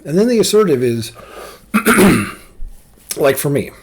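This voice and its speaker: A man's voice: on the high side, sing-song, takes it slowly, gravelly, background noise. A man ranting casually and bluntly to camera, opinionated and rambling, with frequent restarts. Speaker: vlogger.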